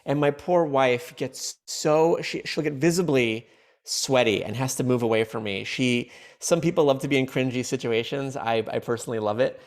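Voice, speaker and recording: Male comedian guest, gravelly, loose and rambling, laughs a lot. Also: mid-range voice, moderate pace. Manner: playful, rambling, laughs often. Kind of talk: casual podcast chat.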